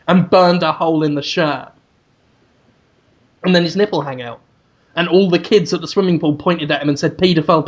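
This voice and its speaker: A man hosting a podcast, rambling through an absurd improvised comic story and bursting into loud put-on voices. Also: fairly high pitch. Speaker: podcast host.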